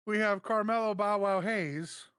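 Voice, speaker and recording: This is a man co-hosting a casual podcast, with a slightly raised pitch. He walks through a recap steadily and drops in short agreeing replies. The recording is dry, with no room echo. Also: a little slow, fairly bright tone, clean tone. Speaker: co-host of wrestling review show.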